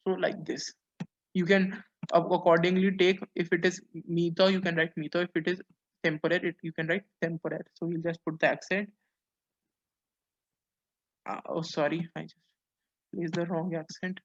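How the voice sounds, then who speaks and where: A man teaching a French lesson online, translating phrase by phrase and pausing on "uh"s as he explains. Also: fairly high pitch, level tone. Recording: dull lo-fi audio.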